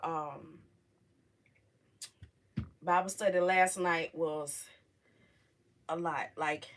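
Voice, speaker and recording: Direction A middle-aged woman, emotional and halting, hosting a livestream. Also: low-pitched, fairly even intonation. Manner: emotional, halting, talks straight to viewers. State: on the verge of tears. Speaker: livestream host. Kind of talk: casual livestream chat.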